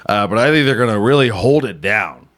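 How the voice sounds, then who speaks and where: A man's voice: on the low side, lively intonation, fairly quick, fairly bright tone. A man hosting a podcast, riffing casually and irreverently on news stories, swearing often and laughing at his own jokes. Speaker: podcast host.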